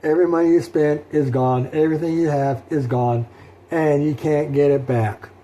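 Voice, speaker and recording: A middle-aged man talking through his solo tabletop role-playing session in a rambling, halting way, with many fillers and restarts. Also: a little high, fairly even intonation, mellow, lo-fi sound. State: sleepy, yawning. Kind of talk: rambling casual talk.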